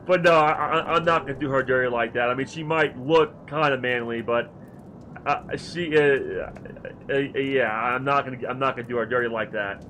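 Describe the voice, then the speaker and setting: A man streaming a video game, chatting in an animated, rambling, self-deprecating way. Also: medium pitch, moderate pace, soft background music. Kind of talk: casual chat while livestreaming a game.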